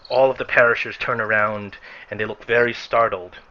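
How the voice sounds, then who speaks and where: A man as game master, narrating a tabletop game in a descriptive way with frequent pauses. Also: lowish voice, steady tone, pushed and bright, a little hiss or hum. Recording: lo-fi recording with faint music.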